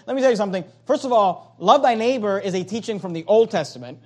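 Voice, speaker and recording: A man preaching a sermon as pastor, emphatic, with loud high swings and quiet low drops. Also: lively intonation, fast talker, hardly any pauses.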